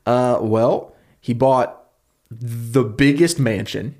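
A man co-hosting a comedy podcast, retelling a historical story in a loose, joking way with lots of fillers. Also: mid-range voice. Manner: fast, animated retelling with fillers and laughs. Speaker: podcast co-host pitching a story.

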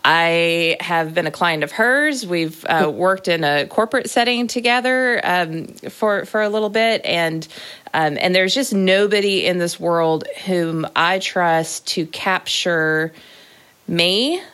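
A woman's voice: lowish voice, takes it slowly, smooth. A woman hosting a podcast interview, gushing with praise as she introduces her guest and asks questions. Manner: warm, gushing, reads an introduction with emphasis. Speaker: podcast host.

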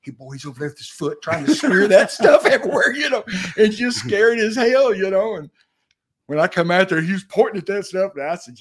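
An older man with a husky, high-pitched voice that swings widely as he jumps into a friend's story. He talks in a folksy rural way, cursing freely and laughing. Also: big pitch swings, a little fast. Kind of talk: casual storytelling chat.

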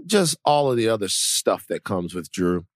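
A man's voice: lowish voice, sing-song, moderate pace, dry recording, clean studio sound. A man co-hosting a podcast in casual chat, rambling with many fillers and restarts. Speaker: podcast co-host.

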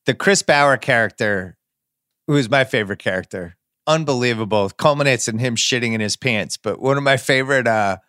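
A man's voice: medium pitch, a little fast, pushed and bright, no echo, clean studio sound. A man hosting a podcast, chatting casually, enthusiastic and blunt, swearing now and then. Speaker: podcast host. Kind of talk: casual chat.

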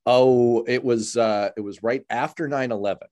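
A man's voice: mid-range voice, steady tone, moderate pace, a little mellow. A man hosting a casual interview, chatty and jokey, restarting phrases as he talks. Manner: chatty, jokey, repeats words when starting. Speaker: podcast host.

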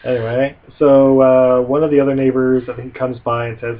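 A man's voice: mid-range voice, flat delivery, moderate pace. A man co-hosting a podcast, recapping a movie in casual chat, hesitant with many fillers. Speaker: podcast co-host. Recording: dull lo-fi audio, faint hiss.

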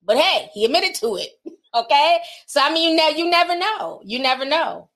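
A woman's voice: high-pitched, lively intonation, normal speed, fairly bright tone. Chatty, laughing woman livestreamer. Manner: chatty and candid, laughs often, slangy asides. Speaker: livestream host reading super chats. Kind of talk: casual livestream chat.

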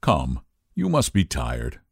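A man's voice: rumbling low, wildly swooping pitch, takes it slowly, gravelly, slightly rough, no echo, clean studio sound, pitched below the performer's own voice, full character voice. A man voicing a proper upper-class husband who speaks in a tense, clipped, impatient way.

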